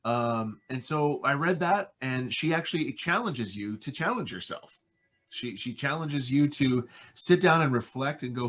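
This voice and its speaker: Husky, enthusiastic American man. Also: mid-range voice, lively intonation, measured pace, a bit bright. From United States. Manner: enthusiastic, rambling with fillers. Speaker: voice-over artist guest. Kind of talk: casual interview chat.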